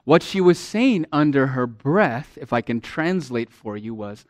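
A man preaching a sermon to women, earnest and emphatic, who speaks to them directly and swings from loud emphasis to a near-murmur. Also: mid-range voice, expressive, a little slow, few pauses, no room sound, studio quality.

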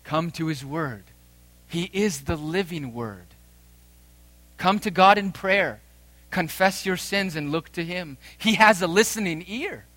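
A man in his thirties preaching a sermon as pastor, emphatic with dramatic pauses and rising swells. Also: sits high, expressive, a bit bright, no echo.

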